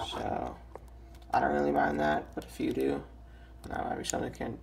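A young man with a raspy, just-woken-up voice, casually reviewing a toy with lots of ums and restarts. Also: medium pitch, a little hiss or hum. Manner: hesitant, many ums and restarts.

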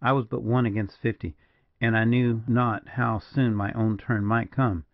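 A man's voice: mid-range voice, fairly even intonation, dry recording, natural voice. A man as a mournful frontier major. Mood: grim. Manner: slow, mournful, measured. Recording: dull, dry lo-fi recording.

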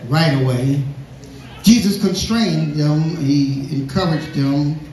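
A man's voice: fairly high pitch, darkish tone, slight background noise. Echoey preaching man. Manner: reads scripture then preaches, repeating synonyms; call-and-response with the congregation. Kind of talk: sermon. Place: church sanctuary. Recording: echoey church hall.

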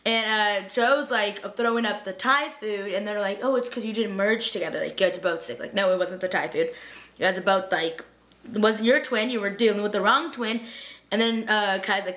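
A woman's voice: medium pitch, moderate pace, fairly bright tone. A young woman chatting through a TV episode recap late at night, gushing and tired, filling her talk with "like" and paraphrased quotes. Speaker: vlogger reviewing a TV episode.

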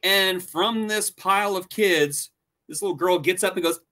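A man in his forties co-hosting a casual chat, telling stories with animated enthusiasm. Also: high-pitched, normal speed. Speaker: co-host.

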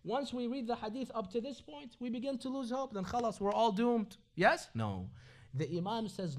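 High-voiced man giving a religious lecture. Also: big pitch swings, moderate pace. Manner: recites Arabic hadith, then explains in English with rhetorical questions. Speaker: lecturer at an Islamic society. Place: Islamic centre lecture hall.

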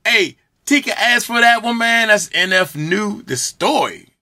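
Host man, high and bright, folksy drawn-out reactions. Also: lively intonation. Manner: drawn-out exclamations, folksy slang. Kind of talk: casual reaction commentary.

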